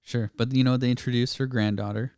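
A man co-hosting a spooky podcast in casual chat, talking in a relaxed, meandering way with small restarts. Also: medium pitch, fast talker, clean tone, dry recording, studio quality. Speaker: podcast co-host.

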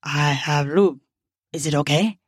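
A woman doing a soft-spoken gentle young man. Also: sits low, a little slow, slightly rough, no echo, studio quality, pitched below the performer's own voice. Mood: reassuring.

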